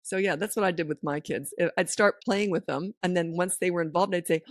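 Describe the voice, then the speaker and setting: Fairly low in pitch and steady in tone, this middle-aged woman talks fairly quickly as she hosts a parenting podcast. Her casual advice chat is down-to-earth and anecdotal, with quoted lines acted out, in a dry, studio-quality recording.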